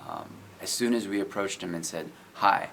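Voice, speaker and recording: A middle-aged man with a very low, gravelly voice tells his story in an earnest, casual way, leaning on "you know" as he goes. Faint noise sits under the recording. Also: a little fast. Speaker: guest, IT business owner. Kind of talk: casual testimony.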